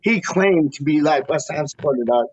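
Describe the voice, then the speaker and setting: A man's voice: fairly high pitch, expressive, normal speed. A man hosting a casual chat, telling rambling stories with slang and laughter. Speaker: podcast host. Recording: dry, dull lo-fi sound.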